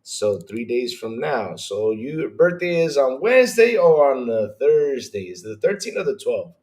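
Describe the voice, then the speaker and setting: A man hosting a gaming podcast livestream, chatting casually, greeting viewers by name and teasing in a lively way. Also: mid-range voice, moderate pace. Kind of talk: casual livestream chat reading viewer comments. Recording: roomy echo.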